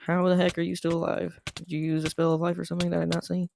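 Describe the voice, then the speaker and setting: A man's voice: a little high, monotone, racing, creaky, a little mellow, slight background noise. A young man telling a rambling school story while playing a game, full of "like" fillers. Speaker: gaming channel host. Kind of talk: casual storytelling over gameplay.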